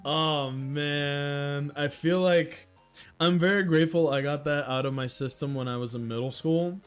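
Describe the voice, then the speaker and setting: A man's voice: fairly high pitch, a little slow, clear, resonant tone, faint music behind. A man in his thirties hosting a casual livestream, rambling and mocking himself with frequent laughs. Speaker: livestream host.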